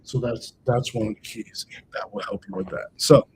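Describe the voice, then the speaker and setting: A man's voice: mid-range voice, sing-song, moderate pace, creaky, heavy background noise. A man coaching on a livestream. He talks casually, repeats and restates his points for emphasis, and addresses viewers in the chat directly. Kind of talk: livestream motivational talk.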